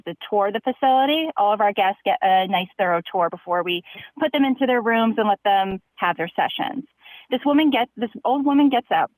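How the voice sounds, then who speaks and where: A woman's voice: a little high, no room sound, poor audio. A woman calling in to a show and telling a story in a chipper manner, laughing through grim details. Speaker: caller.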